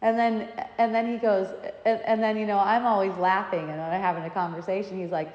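A woman's voice: mid-range voice, level tone, fairly quick, few pauses, lo-fi sound. A woman telling stories in a casual talk, meandering and often breaking into laughter. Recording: echoey room with long reverb.

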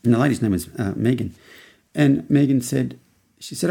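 An Australian podcast host in his fifties casually tells a rambling story, restarting often and acting out quotes. His mid-range voice is brisk, gravelly, mellow, and slightly rough.

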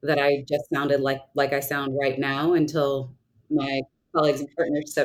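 A woman in her thirties with a notably low voice answers interview questions in an earnest, reflective way. She is a trial lawyer from the Southern United States who thinks aloud and often restarts her sentences. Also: normal speed, poor audio. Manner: thoughtful, earnest, with frequent restarts. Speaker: trial lawyer, podcast guest.

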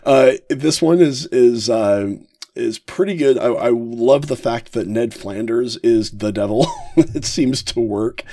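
A man hosting a casual podcast, ranking favorite episodes with frequent chuckles and halting fillers. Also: medium pitch, mellow, no echo, clean studio sound. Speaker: podcast host.

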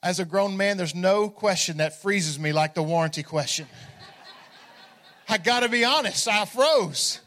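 High-voiced animated preaching man. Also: measured pace. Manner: energetic, humorous, calls out to the congregation. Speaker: pastor. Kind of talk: storytelling sermon.

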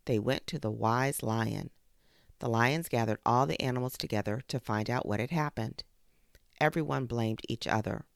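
A podcast host reading a children's fable aloud, expressive and with spoken sound effects. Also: medium pitch, moderate pace, vocal fry, no echo, clean studio sound. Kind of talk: storybook narration for children.

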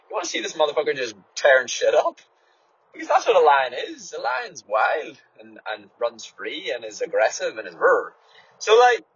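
A man's voice: on the low side, a bit bright, husky, no echo. A man from Ireland talking casually to his podcast listeners, rambling and swearing a lot as he restarts his words. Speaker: runner and podcast host. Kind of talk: casual solo podcast monologue. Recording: dull lo-fi dry recording.

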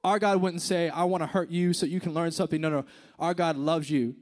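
Guy preaching to a youth crowd, kinda high voice, chatty, goes quiet then fired up. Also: fairly even intonation, brisk. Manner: conversational, swings from hushed to emphatic. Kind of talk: sermon.

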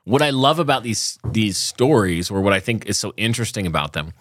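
A man's voice: on the low side, lively intonation, brisk, fairly bright tone, dry recording, clean studio sound. A man co-hosting a podcast, talking casually and enthusiastically, rambling a bit and joking. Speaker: podcast co-host. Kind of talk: casual chat.

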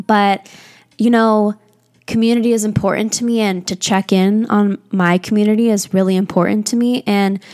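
A young woman hosting a podcast, talking candidly and confessionally in a rambling way, with many "like"s. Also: medium pitch. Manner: rambling and confessional, heavy use of "like". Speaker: podcast host. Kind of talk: candid personal podcast monologue.

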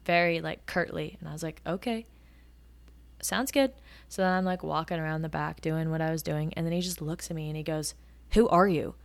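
A woman in her twenties hosting a podcast, telling stories in a casual, animated way and acting out the quotes. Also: low voice, quick pace, vocal fry, hardly any pauses. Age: 20s. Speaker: podcast host. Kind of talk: casual storytelling.

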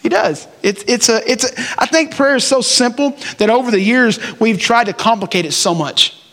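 A man giving a conversational, animated sermon, acting out prayers in plain everyday talk. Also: extremely high pitch, normal speed, long reverb tail. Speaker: preacher.

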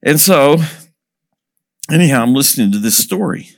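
Lively storytelling man with a mid pitch. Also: moderate pace, gravelly. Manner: lively storyteller who asks the audience questions and chuckles. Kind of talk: storytelling talk to an audience.

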